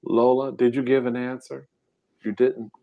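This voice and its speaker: A man's voice: medium pitch, level tone, moderate pace, gravelly, narrow, tinny audio. A man hosting a live-stream trivia game, reading questions aloud and bantering casually with his chat. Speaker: mukbang host running a live trivia game.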